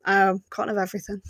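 A woman's voice: mid-range voice, breathy edge, dry recording. Woman chatting on a podcast, laughs a lot, dry close sound. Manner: chatty, laughing often, lots of fillers. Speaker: podcast co-host. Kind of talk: casual chat.

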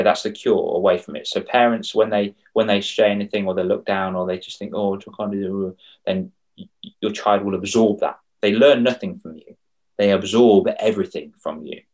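Lively man telling stories. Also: fairly low pitch, a little fast. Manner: animated storyteller, acts out quoted voices. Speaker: confidence coach for kids. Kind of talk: casual podcast chat.

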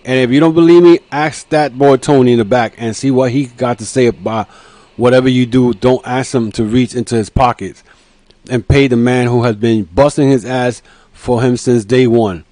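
A man hosting a casual wrestling podcast, talking in an animated way with lots of fillers and acting out quotes. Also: mid-range voice, normal speed, no echo. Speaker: podcast host.

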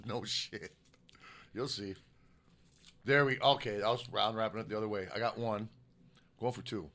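Dude rambling on a podcast, swears constantly, laughs a lot, loose casual chat. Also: male voice, on the low side, fairly even intonation, measured pace, long pauses, fairly bright tone. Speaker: podcast co-host.

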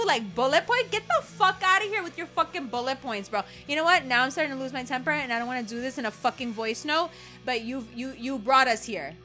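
A woman's voice: high voice, bright, forceful tone. A woman acting out a furious woman who leaves a cutting, profane, sarcastic voice note for a cheating lover. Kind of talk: acted voice-note rant.

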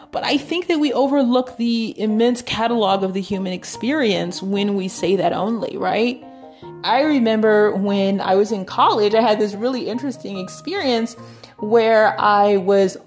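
A woman's voice: mid-range voice, a little mellow. Woman teaching the bible in a loose chatty way, lots of "you know", faint music behind. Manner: chatty, often asks "right?" and says "you know".

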